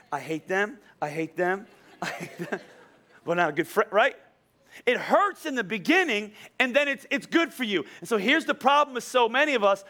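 A middle-aged male pastor delivers a sermon with a high, bright voice. He tells stories animatedly, slipping into quoted dialogue and firing rhetorical questions at the congregation.

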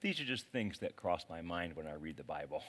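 A man preaching a sermon as a pastor, in a casual, animated way with slang. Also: low-pitched, fairly quick.

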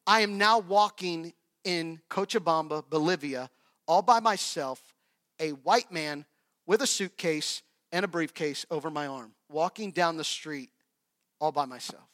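High-voiced storytelling male pastor. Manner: storytelling, swinging between loud and hushed; asks the congregation rhetorical questions. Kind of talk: sermon.

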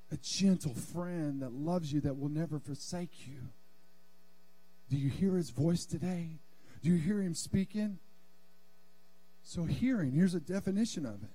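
A man's voice: on the high side, dark tone, breathy edge. A male pastor preaching a sermon in a church sanctuary, fervent and calling on the congregation to answer back.

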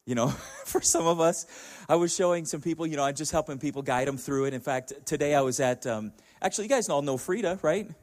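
A man's voice: on the high side, fairly quick, few pauses, darkish tone. Chuckling middle-aged man chatting to a congregation. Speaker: church speaker. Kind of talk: casual talk to a congregation.

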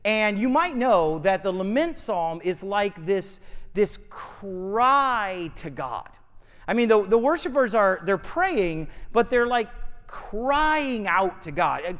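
A man preaching a sermon as pastor, talking in a conversational, animated way with frequent restarts. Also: sits high, smooth, big-room sound. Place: church sanctuary.

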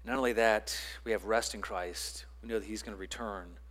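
A man preaching a sermon as pastor, building to loud emphatic lines and dropping to quiet ones, with repeats and restarts. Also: fairly low pitch, fairly even intonation, normal speed. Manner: repeats words and restarts phrases.

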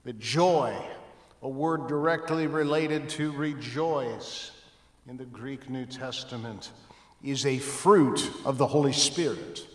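A man preaching a sermon as pastor, emphatic with dramatic rises and drops in his voice. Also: fairly high pitch. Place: church sanctuary. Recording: echoey church hall.

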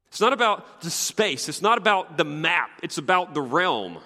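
A man's voice: on the high side, sing-song, brisk, sharp tone. A man preaching a sermon, voicing scripture quotes with dramatic emphasis. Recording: long hall reverb.

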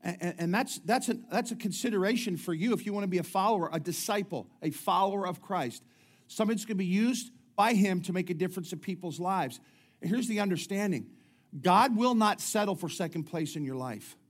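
A man's voice: high voice, expressive, fairly quick. A middle-aged man preaching a sermon, talking in a chatty way with jokes and many restarts. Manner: conversational preaching with humorous asides and frequent restarts. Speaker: pastor.

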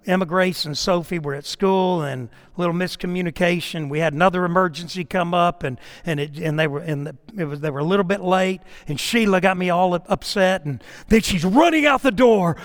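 High-voiced animated man preaching. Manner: animated, addresses listeners by name, repeats words. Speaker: pastor. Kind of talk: sermon.

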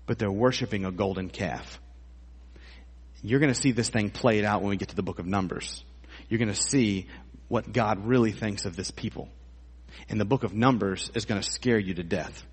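A man preaching a sermon as a pastor in a church, animated and acting out voices with comic exaggeration. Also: lowish voice, breathy edge. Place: church sanctuary. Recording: long hall reverb.

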